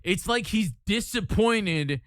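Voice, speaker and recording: A man chatting on a live stream in a bright, fairly high voice, rambling, restarting sentences and laughing easily. The sound is close and dry, with no room echo. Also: lively intonation, slow. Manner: rambling, stammering, easily amused. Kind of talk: casual live-stream chat.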